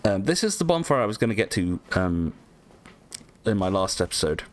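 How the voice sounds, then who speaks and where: A man's voice: deep voice, big pitch swings, moderate pace, slight background noise. A man giving casual, rambling let's-play commentary, with lots of ums, casual swearing and self-mockery. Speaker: gaming channel host.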